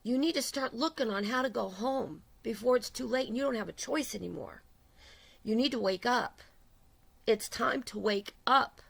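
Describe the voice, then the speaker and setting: Middle-aged woman preaching, gravelly fry in her voice, kinda high, urgent and repeating herself. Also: moderate pace, a bit bright. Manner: urgent, repetitive, rises in intensity. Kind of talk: impassioned religious sermon.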